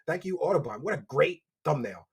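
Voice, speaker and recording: A man with a Philadelphia accent hosting a livestream, reading donations and mocking his subject with loud bursts. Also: a little high, expressive, a little fast, vocal fry, breathy edge. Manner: mocking, loud bursts, reads chat aloud. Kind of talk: casual livestream commentary. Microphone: desk microphone.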